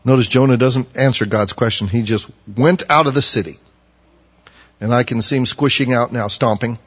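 A man preaching a sermon, acting out the prophets he quotes in loud, pleading bursts. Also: medium pitch, fairly even intonation, moderate pace. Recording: muffled audio with long hall reverb.

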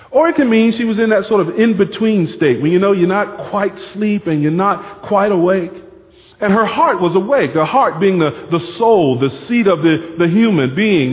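A man preaching a sermon, talking casually and throwing asides to the congregation. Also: high voice. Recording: muffled sound with long hall reverb.

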